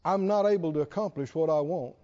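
A man preaching a sermon, animated and laughing often, drawing call-and-response from the congregation. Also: fairly high pitch, fairly quick. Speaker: pastor. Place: large church hall with congregation. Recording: dull lo-fi hall recording.

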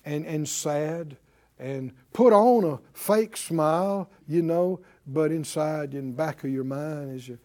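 High, animated preaching man. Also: a little slow. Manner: call-and-response preaching, swings between loud declarations and low asides. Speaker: pastor. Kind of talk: sermon.

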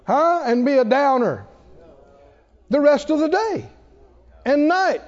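A male pastor preaches with call-and-response, his high voice rising and falling animatedly. He speaks slowly and deliberately. A dull, lo-fi recording adds a long hall echo. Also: very animated. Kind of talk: sermon.

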